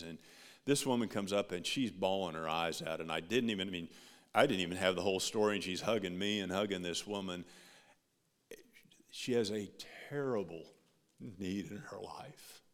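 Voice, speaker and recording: A male pastor giving a sermon, swinging from loud, rising emphasis to soft, quiet passages. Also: low-pitched, moderate pace. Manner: preaching with big rises and soft drops. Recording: long hall reverb.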